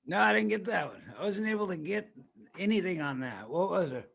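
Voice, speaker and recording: A man's voice: high voice, expressive, a little fast, vocal fry, a bit bright, breathy edge. A man chatting casually, giving brief and easygoing replies. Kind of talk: casual chat.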